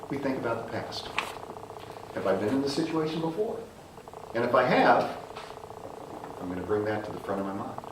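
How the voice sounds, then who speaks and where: A middle-aged man giving a prepared storytelling speech at a club meeting, acting out the voices in his anecdotes. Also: medium pitch. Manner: animated storyteller who acts out voices in anecdotes. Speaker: Toastmasters club speaker. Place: meeting room. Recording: echoey room, distant mic, noisy.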